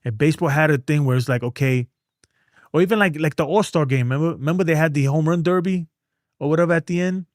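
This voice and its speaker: A man's voice: on the high side, fast talker, dry recording, studio quality. A man who is a streamer, breaking down a baseball game in loose, slang-filled casual talk, reading chat as he goes. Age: adult with a son.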